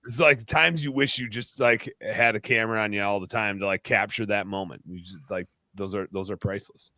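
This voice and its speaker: A man in his thirties from Wisconsin rambles through stories as a podcast host. His voice sits a little low yet comes across bright and forceful. The sound is dry and close, with no room around it. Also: a little fast, no echo. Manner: animated, rambling storyteller. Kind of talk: casual chat.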